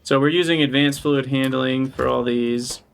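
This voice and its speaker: Male live streamer with some vocal fry, mid-pitched, talks through his plans and greets chat cheerfully. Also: steady tone, normal speed. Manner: thinks aloud while planning, brightens to greet chat. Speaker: game streamer. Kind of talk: live gameplay commentary.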